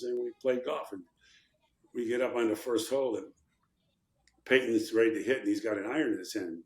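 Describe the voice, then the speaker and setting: A man's voice: mid-range voice, reverberant. An older man from Chicago, a former congressman, tells anecdotes in a podcast interview and acts out the quotes with animation. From Chicago, USA.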